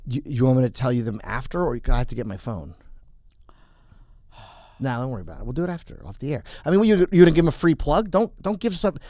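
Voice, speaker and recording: A man hosting a comedy podcast in a studio, chatting with an animated, storytelling delivery and a middle-pitched voice. He keeps slipping into goofy voices for his jokes. The sound is dry and close, with no room around it. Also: fast, no echo. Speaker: podcast host. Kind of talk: casual comedic chat.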